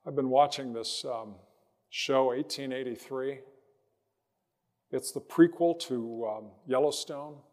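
Slow, reflective male pastor with long reverb. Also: medium pitch, a little mellow. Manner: slow, reflective storytelling with pauses. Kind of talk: sermon with personal story and prayer.

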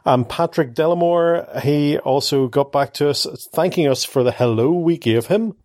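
A man's voice: fairly high pitch, normal speed, a little mellow. A middle-aged man hosting a casual family podcast, chatting and teasing his daughters in a playful, chatty way. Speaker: podcast host and father.

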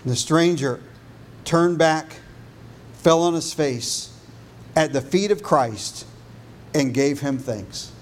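A man preaching a sermon as pastor, building on repeated phrases and dropping low and soft for emphasis. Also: slow pace, long pauses.

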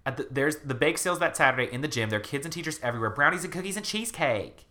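A man's voice: on the high side, lively intonation, racing, sharp tone. A man co-hosting a podcast in casual chat, retelling a book's plot in a rambling way with lots of fillers. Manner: rambling, filler-heavy storytelling. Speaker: podcast co-host.

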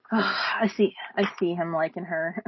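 A woman's voice: fairly low pitch, steady tone, slow pace, a little hiss or hum. A woman chatting casually about a cartoon series, trailing off mid-sentence and giggling. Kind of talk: casual fan chat. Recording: dry, dull lo-fi sound.

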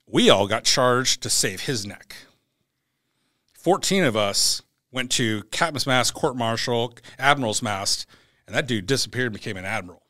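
A man's voice: medium pitch, normal speed, no echo, clean studio sound. A man, a former Navy SEAL, telling war and court stories bluntly in a podcast conversation, acting out the other voices in quotes. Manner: blunt, animated, acts out dialogue in quotes. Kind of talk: candid conversational storytelling.

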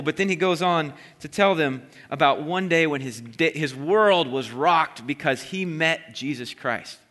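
A man preaching a sermon, retelling a Bible story in a lively storytelling way and briefly acting out the voices of the crowd. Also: fairly high pitch, measured pace, hardly any pauses. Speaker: pastor. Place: church sanctuary. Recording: long hall reverb.

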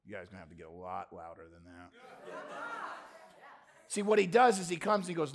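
A man pastor preaching a lively sermon to a live congregation, with punchy rhetorical questions and jokey asides. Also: on the high side, brisk, vocal fry, long pauses. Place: church before a congregation.

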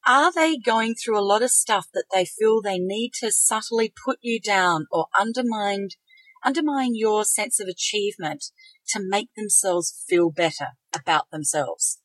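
A woman's voice: medium pitch, measured pace, no room sound, rough recording. A middle-aged woman co-hosting a conversational podcast, reflective and sharing her own experiences. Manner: reflective, shares personal experience. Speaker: podcast co-host.

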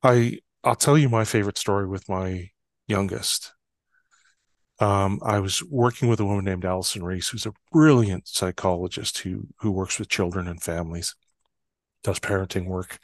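A man, a guest on a podcast, speaking in a calm, measured way about building trust. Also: low voice, no echo. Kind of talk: reflective conversation.

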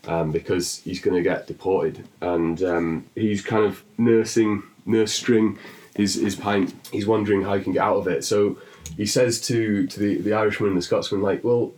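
A man casually telling an improvised joke, in a halting, filler-heavy, self-deprecating way. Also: fairly low pitch, fairly even intonation, a little mellow, low-quality recording. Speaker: joke teller.

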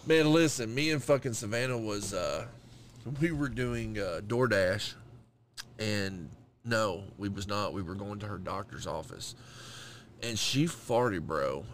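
Man, lower pitch, profane casual podcast banter, easy laugh, faint noise behind. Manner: loose and profane, quick to laugh and agree. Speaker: podcast co-host. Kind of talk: crude casual chat.

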